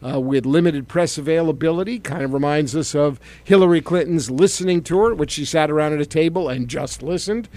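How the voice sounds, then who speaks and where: A man's voice: on the high side, a little fast, few pauses, dark tone. A middle-aged man hosting a political commentary show, sardonic and conversational, with fillers. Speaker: talk show host, former congressman.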